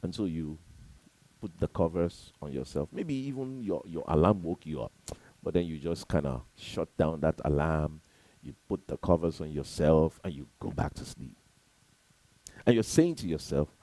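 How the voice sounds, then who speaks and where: A man giving an emphatic, preachy motivational talk to camera, repeating his points and swinging between loud and soft. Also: rumbling low, lively intonation, moderate pace, rough recording. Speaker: motivational speaker.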